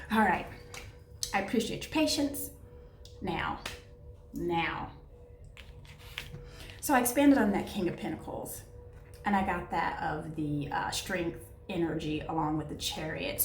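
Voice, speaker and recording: A woman giving a casual tarot reading, chatty and affectionate, often searching for words. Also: medium pitch. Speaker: tarot reader. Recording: echoey room, voice a bit far from mic, soft music behind.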